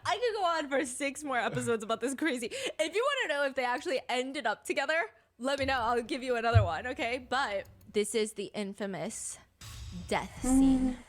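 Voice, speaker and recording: A woman's voice: sits high, fairly quick. A young woman streamer recapping a show in casual storytelling, acting out the people she quotes. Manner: animated, acts out quoted people.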